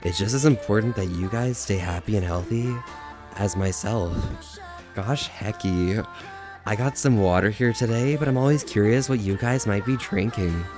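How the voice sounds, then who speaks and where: A man putting on a sweet, shy fox streamer voice with slow, drawn-out words. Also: lowish voice, music in the background, close to an everyday voice. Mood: gentle. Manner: slow, drawn-out, bashful delivery. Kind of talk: streamer impression of a friend.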